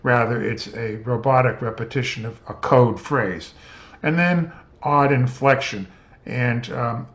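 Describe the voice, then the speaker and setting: A middle-aged man lecturing as a pediatrician, explaining in a measured, patient way with the occasional filler. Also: mid-range voice, a bit bright. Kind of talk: educational lecture.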